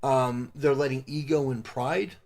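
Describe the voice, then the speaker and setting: A man's voice: medium pitch, fairly even intonation, a little mellow. A male content creator lectures in a moralizing, preachy monologue. He stops and restarts often, filling the gaps with hesitant fillers. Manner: moralizing, halting with many fillers. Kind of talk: preachy live-stream monologue.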